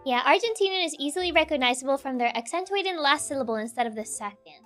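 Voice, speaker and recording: A woman's voice: high voice, fast, faint music behind. A young woman streamer with a Spanish accent and Spanish as her first language, chatting casually and playfully with her viewers, laughing often. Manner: giggly, animated, playful. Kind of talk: casual chat, reading chat aloud.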